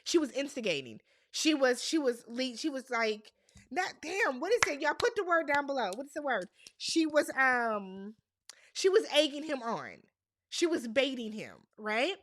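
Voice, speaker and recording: A woman's voice: high voice, lively intonation, normal speed, fairly bright tone. A woman doing a casual, exasperated recap of a reality TV episode and talking straight to the people on screen. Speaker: recap host.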